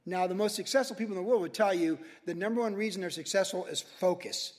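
High-voiced emphatic male preacher. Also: fast talker, in a large hall. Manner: emphatic, animated, repeats for stress. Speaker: pastor. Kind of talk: sermon.

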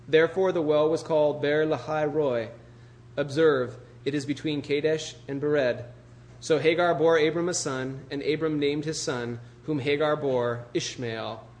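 A man's voice: a little high, fairly even intonation, normal speed. A male pastor preaching a casual, joking sermon and reading scripture, full of "you know" and "like".

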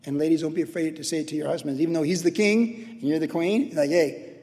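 A man in his sixties preaching a sermon in a conversational way, acting out quotes with sudden shouts. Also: on the high side, quick pace, long reverb tail. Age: 60s. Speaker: pastor.

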